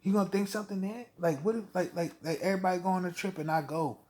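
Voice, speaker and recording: A man's voice: high-pitched, fast talker, a little mellow. A man venting in a heated, profane rant to camera, blunt and full of swearing. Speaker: vlogger.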